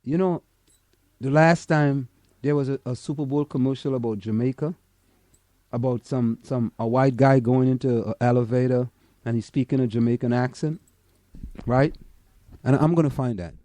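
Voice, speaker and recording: Man from the caribbean chatting, keeps restarting words, mellow tone. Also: mid-range voice, fairly even intonation, normal speed, pauses often, no room sound. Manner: stammering restarts, emphatic. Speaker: podcast co-host. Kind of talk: casual chat.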